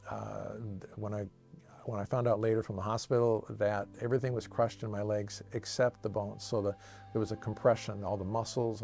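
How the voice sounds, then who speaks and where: Gravelly-voiced man recalling his past. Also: lowish voice. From Washington State, USA. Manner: earnest, reflective, halting with frequent restarts. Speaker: storyteller sharing his life story. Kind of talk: personal testimony told from memory. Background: soft cinematic music.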